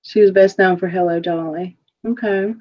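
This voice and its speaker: A woman hosting a casual online jewelry sale, chatty and quick to laugh, describing items with lots of fillers. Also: lowish voice, steady tone. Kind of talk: casual livestream chat. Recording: dull lo-fi livestream audio.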